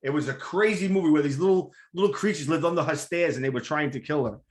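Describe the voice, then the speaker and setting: A talk show's radio host, this man speaks quickly in a slightly high voice. He chats eagerly with his guest in an enthusiastic, casual interview, rambling and repeating words.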